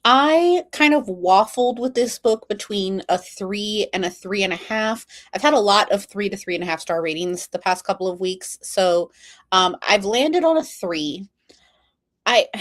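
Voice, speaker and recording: Woman booktuber on a video call, laid back, lots of ums, chatting about a book. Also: medium pitch. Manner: relaxed, measured, with frequent ums. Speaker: booktuber and book club host. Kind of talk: casual book discussion.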